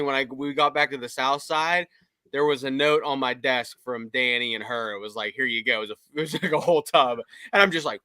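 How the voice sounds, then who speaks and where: A man's voice: mid-range voice, dry recording. A man from Pittsburgh co-hosting a casual sports podcast, telling stories with frequent laughs. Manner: laughing storyteller, animated when quoting. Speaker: podcast co-host.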